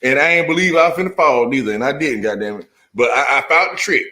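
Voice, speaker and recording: A man telling a profane, animated story full of slang in a casual chat. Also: medium pitch, fast talker.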